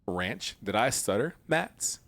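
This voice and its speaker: A man's voice: fairly low pitch, sing-song, takes it slowly, a bit bright. A man casually commenting while streaming a video game, joking and laughing often. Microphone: desk mic with webcam.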